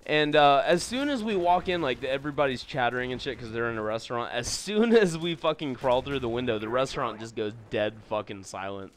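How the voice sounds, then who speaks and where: Expressive and fairly quick, a young man's medium-pitched voice barely pauses as he tells rambling stories over gameplay. His casual commentary is profane and heavy with fillers.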